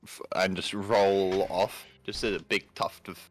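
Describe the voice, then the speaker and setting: A man's voice: low voice, little pitch movement, a little slow. A man playing a tabletop game, talking in a casual, teasing way. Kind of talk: casual chat.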